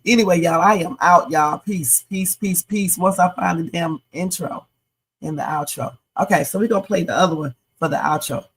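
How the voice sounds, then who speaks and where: A late-night livestream sign-off: the host, a woman with a lowish, breathy voice at a moderate pace, is tired but in a silly, playful mood, chatting loosely and joking. The recording is low quality.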